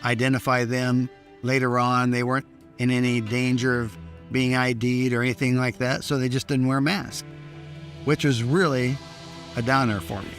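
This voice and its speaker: A man giving documentary testimony about being held hostage, speaking in a sober, measured way. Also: medium pitch, level tone, fairly bright tone. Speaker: former hostage recounting captivity. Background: faint music.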